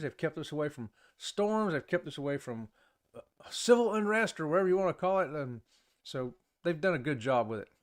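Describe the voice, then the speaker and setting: Chatty man hosting a live show. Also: fairly high pitch. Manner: rambling and chatty, greets viewers by name; laughs often between remarks. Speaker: host of a live cruise-talk show. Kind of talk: casual live-stream chat.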